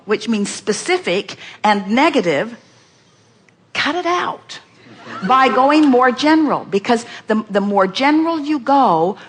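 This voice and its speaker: A woman gives inspirational teaching at a live question-and-answer seminar, speaking at a middling pitch. She talks emphatically, repeats her points and acts out the thoughts she quotes. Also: slightly rough.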